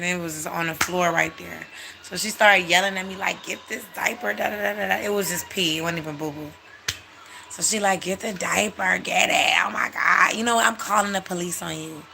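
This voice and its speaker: A speaker telling a personal story in a casual, animated, blunt way with frequent swearing. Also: mid-range voice, slight background noise.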